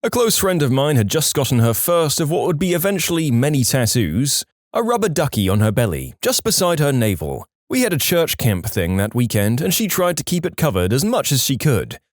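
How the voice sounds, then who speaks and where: A man narrating reddit stories aloud in a lively, varied storytelling delivery. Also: mid-range voice, brisk, dry recording, clean studio sound.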